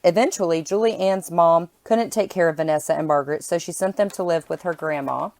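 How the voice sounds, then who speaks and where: A woman's voice: lowish voice, brisk, a little mellow, no room sound. A woman co-hosting a true crime podcast, chatting casually and then reading case background steadily. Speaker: podcast co-host and storyteller.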